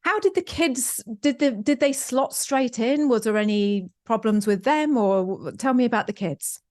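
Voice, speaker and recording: A woman's voice: on the high side, expressive, normal speed, a little mellow, no echo, studio quality. A woman hosting a podcast interview, encouraging her guest and asking friendly questions. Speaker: podcast host. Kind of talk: casual interview chat.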